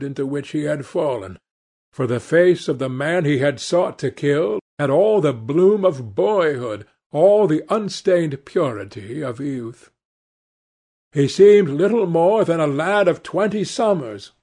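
A man narrating a classic novel as an audiobook in a measured, dramatic reading. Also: medium pitch, a little mellow. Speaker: audiobook reader.

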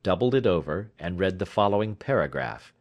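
A man reading a classic story aloud as an audiobook narrator, in a measured and expressive way. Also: sits low. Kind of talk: scripted narration.

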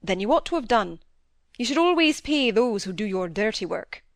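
A woman's voice: mid-range voice, sing-song, normal speed, dry recording. A woman reading aloud as a dry-witted, stern middle-aged male country doctor in a storybook. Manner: wry, then sternly lecturing.

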